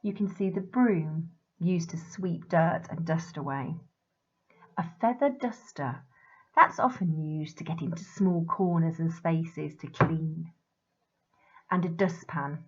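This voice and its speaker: A deep-voiced female primary school teacher reads a storybook aloud to children, expressive and sing-song, captured on a muffled recording.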